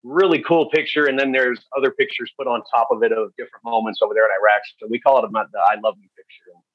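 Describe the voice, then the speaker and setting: A man shares stories as a podcast guest. He speaks candidly and haltingly, with lots of fillers, at a mid pitch. The recording sounds dry and a little dull. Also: steady tone, dry recording. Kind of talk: storytelling interview.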